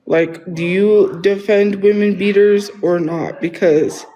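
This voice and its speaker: A man's voice: high-pitched, steady tone, slow pace, mellow, rough recording. A man talking casually on a livestream, rambling and defensive, often restarting his sentences.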